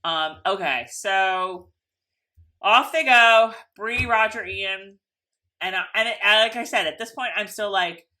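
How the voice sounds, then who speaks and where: Bright-voiced chatty woman co-host. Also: medium pitch, measured pace. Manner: chatty, animated, lots of fillers. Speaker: podcast co-host. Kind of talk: casual recap chat.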